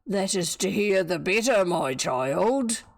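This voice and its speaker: A woman's voice: medium pitch, lively intonation, slow, vocal fry, exaggerated voice. Sly wolf playing grandmother, done by a woman. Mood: menacing. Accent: New Zealand. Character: sly big bad wolf posing as grandmother.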